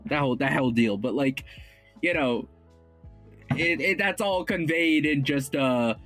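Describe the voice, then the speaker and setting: A man's voice: fairly high pitch, measured pace, fairly bright tone, faint music behind. A man playing in a tabletop game, talking hesitantly with plenty of fillers. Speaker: player. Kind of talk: casual tabletop role-play.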